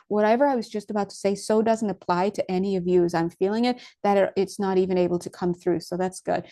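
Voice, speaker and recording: A woman's voice: medium pitch, dark tone. A woman giving a casual spiritual talk to her viewers. She rambles, loses her thread and starts over, and laughs often between phrases. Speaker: spiritual teacher.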